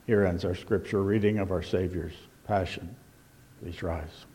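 A man giving a solemn, measured scripture reading, reading the quoted lines plainly in his own voice. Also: low-pitched, steady tone, warm tone. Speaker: scripture reader.

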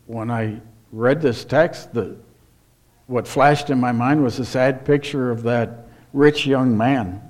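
A man's voice: medium pitch, slow, darkish tone. A man pastor preaching a sermon in church, asking rhetorical questions and reading scripture aloud.

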